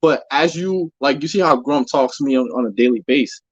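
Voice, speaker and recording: A man's voice: mid-range voice, brisk, no echo. A man from the Netherlands with a faint Dutch accent, chatting casually and laughing easily as a podcast co-host. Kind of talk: casual chat. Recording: slightly dull lo-fi sound.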